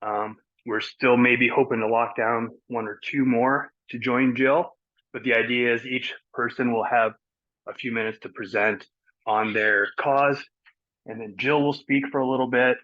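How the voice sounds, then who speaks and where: A man's voice: medium pitch, fairly even intonation, unhurried. A man organizing an event, giving an upbeat, chatty update on a video call while a little out of breath. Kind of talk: casual meeting update. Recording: dull lo-fi call audio.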